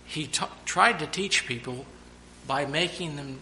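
A man preaches a sermon with a very bright, forceful tone and an everyday mid pitch. He sometimes bursts into loud, acted-out shouts. A faint hiss of noise sits under the voice. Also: a little slow.

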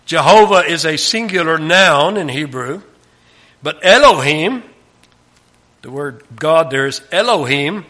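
Emphatic man teaching scripture, bright voice. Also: a little high. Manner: emphatic, drops to a hush at phrase ends. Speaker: Bible teacher. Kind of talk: sermon.

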